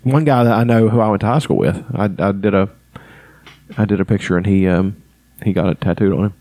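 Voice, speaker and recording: A man's voice: fairly low pitch, a little fast, warm tone, no echo. A man chatting casually on a podcast, swearing often and laughing between points. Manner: profane, laughing, emphatic. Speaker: podcast co-host.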